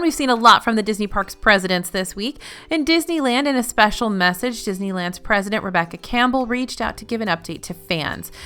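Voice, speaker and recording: A woman's voice: a little high, pushed and bright. Woman reading a news roundup over music. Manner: news-anchor delivery with playful asides. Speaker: news host.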